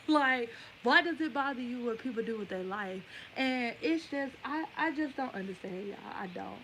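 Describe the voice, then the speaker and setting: A woman's voice: fairly high pitch, pushed and bright, slight background noise, poor audio. A woman in her twenties giving a rambling, emphatic opinion rant straight to her viewers. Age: 20s. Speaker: vlogger. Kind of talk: casual opinion rant to camera.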